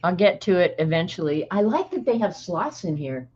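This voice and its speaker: A woman's voice: fairly low pitch, big pitch swings, normal speed, a little mellow, slightly rough, muffled recording. An older woman hosting a livestream, chatting casually with viewers and reading aloud with dry, sarcastic asides. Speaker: livestream host.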